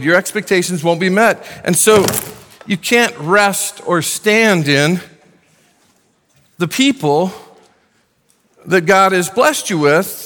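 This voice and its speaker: A pastor preaches to his congregation in a high, fairly bright voice, earnest yet conversational, slipping in casual asides. A long hall reverb surrounds the recording.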